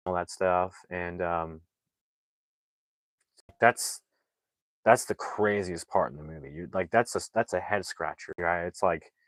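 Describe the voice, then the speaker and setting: A man's voice: low-pitched, unhurried, pauses often, no room sound, low-quality recording. A man recapping a movie plot in a casual, rambling way, full of "like" fillers and restarts. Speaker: movie reviewer.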